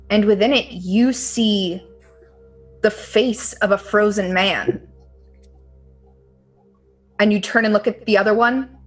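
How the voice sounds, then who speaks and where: A woman running a tabletop game as game master, calmly describing scenes. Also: mid-range voice, low-quality recording. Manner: calm, descriptive.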